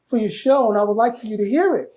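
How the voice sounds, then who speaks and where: A man putting on a soft, high, polite voice in the style of a famous male pop star, speaking on the phone. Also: quick pace, slight background noise, lightly acted. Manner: gentle and courteous.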